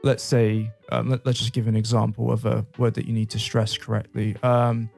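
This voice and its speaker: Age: adult. Sex: man. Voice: gravelly, mid pitch. Style: easy-going podcast co-host who laughs a lot and explains with examples. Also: completely flat delivery, moderate pace, a little mellow, soft background music. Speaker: co-host and English teacher. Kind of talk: casual podcast chat.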